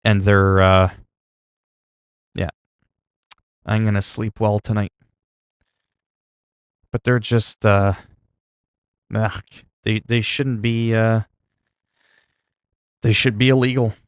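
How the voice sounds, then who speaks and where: A man talking to his viewers at a home streaming desk, rambling from topic to topic with plenty of ums and little self-digs. His voice sits on the low side, and the sound is dry and close with almost no room echo. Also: little pitch movement, takes it slowly, pauses often, clean tone. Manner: rambling, chatty, self-mocking, many fillers. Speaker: livestreamer. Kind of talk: casual livestream chat.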